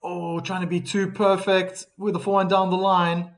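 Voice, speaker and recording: A man giving live play-by-play tennis commentary on a stream, calm between points, livelier on big shots, reading viewer chat aloud. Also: sits high, moderate pace.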